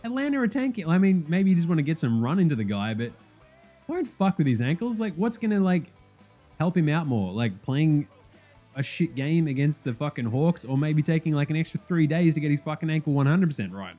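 A man hosting a casual sports podcast, rambling fast and swearing freely. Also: fairly high pitch, faint music behind. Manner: animated, profane, fast rambling. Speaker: podcast host.

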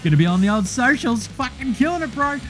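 A man's voice: very high-pitched, very animated, fast talker, fairly bright tone, faint music behind. A man hosting a podcast, laid-back and slangy, swearing casually as he wraps up the show. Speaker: podcast host.

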